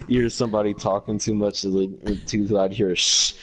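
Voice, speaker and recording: A man's voice: lowish voice, flat delivery, fairly quick, low-quality recording. A man hosting a casual podcast, giggling and acting out silly skits in goofy voices. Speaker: podcast host. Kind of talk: casual group chat.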